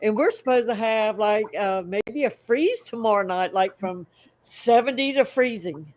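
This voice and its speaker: A woman's voice: medium pitch, unhurried, a little mellow. A woman co-hosting a casual livestream, easygoing, laughing between her words. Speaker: co-host of a fish-keeping livestream. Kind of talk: casual chat.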